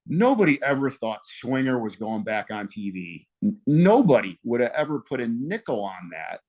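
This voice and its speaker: A man's voice: medium pitch, sing-song, normal speed, darkish tone. A man talking animatedly as a guest on an interview podcast, laughing at himself as he tells his story. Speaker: guest wrestler. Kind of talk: casual interview chat.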